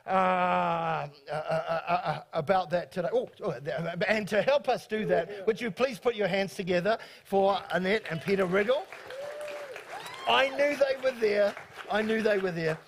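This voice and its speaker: A high-pitched man leading a church gathering as host pastor. He talks fast and eagerly, tripping over his words and restarting sentences as he goes. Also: a faint crowd. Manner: fast, excitable, stumbling restarts. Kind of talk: church talk introducing guests.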